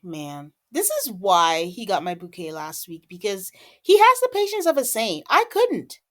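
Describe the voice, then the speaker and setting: A woman's voice: medium pitch, wildly swooping pitch, a little slow, a bit bright. A woman hosting a podcast, recapping a reality show in casual chat, acting out quotes and laughing often. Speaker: podcast host.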